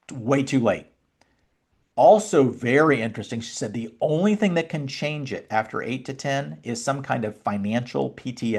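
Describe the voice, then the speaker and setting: A middle-aged man giving a seminar talk to advisors, telling stories and acting out quotes with lively energy. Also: mid-range voice. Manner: animated storyteller, acts out quotes. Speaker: presenter.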